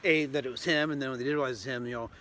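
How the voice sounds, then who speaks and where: A middle-aged man leading a casual interview outdoors on a trail and asking his questions gently. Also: mid-range voice, steady tone, rapid-fire, slight background noise. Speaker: interviewer, father.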